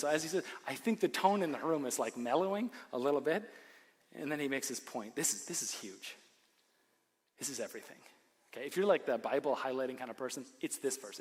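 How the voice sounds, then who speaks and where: A man preaching a sermon as pastor, animated, swinging between loud emphasis and hushed lines, with joking asides. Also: fairly high pitch, fairly quick. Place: church. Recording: long hall reverb.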